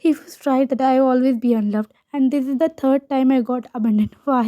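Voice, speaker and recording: A woman voicing a heartbroken pregnant young wife who speaks softly and tearfully. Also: high-pitched, fairly even intonation, fast, no echo, close to an everyday voice. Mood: despairing. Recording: dull lo-fi recording.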